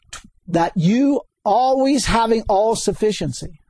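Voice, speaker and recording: A man preaching a sermon, animated and chuckling often, repeating key words and rising to sudden high exclamations. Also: normal speed, husky, dry recording.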